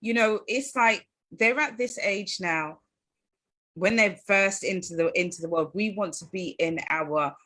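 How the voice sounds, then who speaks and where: A woman's voice: mid-range voice, unhurried, bright, forceful tone. A woman hosting a parenting interview over a video call, speaking in an earnest, reflective way and repeating phrases. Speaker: podcast host. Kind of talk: conversational interview.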